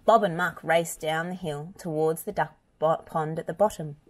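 A woman reading a children's picture book aloud, gentle and expressive. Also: deep voice, moderate pace. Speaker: storybook reader. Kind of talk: children's read-aloud narration.

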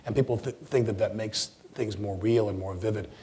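A man, a guest actor, chatting with an audience in a lecture forum, telling animated stories and often restarting his sentences. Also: on the low side, fairly quick, a little hiss or hum. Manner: animated storyteller with stammered restarts. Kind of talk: anecdotal chat with an audience.

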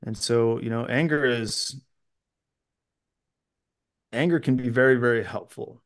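A man coaching in a casual podcast conversation, reflective and quick to laugh, with many restarts. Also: mid-range voice, steady tone. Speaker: self-mastery coach, guest.

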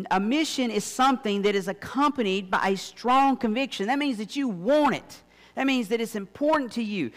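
A man preaching a sermon to his church, with emphatic, rising phrases. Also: very high-pitched. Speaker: pastor. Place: church sanctuary. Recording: long reverb of a church hall.

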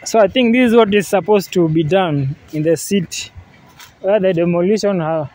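A man casually narrating a travel vlog outdoors by a river. He talks in a relaxed way, repeats himself, and often says "yeah, man.". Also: sits high, moderate pace, low-quality recording. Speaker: vlogger. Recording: faint outdoor noise.

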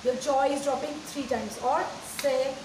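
A woman teacher giving a slow, deliberate lesson to young pupils, asking them many questions. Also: high voice. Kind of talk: recorded classroom lesson. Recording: echoey room, distant mic, faint hiss.

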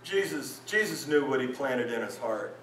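A male pastor preaching a lively sermon at a men's retreat, his voice climbing when he acts out the crowd. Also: moderate pace, slight background noise. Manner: animated, voice rises high when acting out listeners. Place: conference hall at a retreat. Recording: roomy hall sound, mic from a distance.

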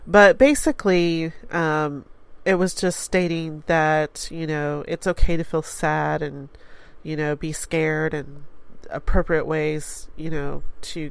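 A woman's voice: sits low, vocal fry, no echo. Congested woman rambling on air. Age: 40s. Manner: rambling, laughs between thoughts. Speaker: radio host. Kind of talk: casual chat.

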